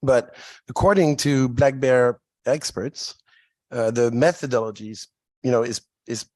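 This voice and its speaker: A man's voice: medium pitch, unhurried, darkish tone, no echo. French-accented man questioning officials. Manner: hesitant, apologetic. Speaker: state representative. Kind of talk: questioning at a public hearing.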